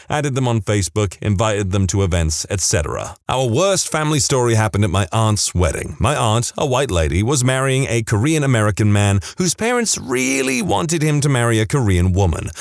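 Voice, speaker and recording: A man's voice: medium pitch, no echo, studio quality. A man narrating reddit stories for a podcast, reading in a plain storytelling way with wry asides.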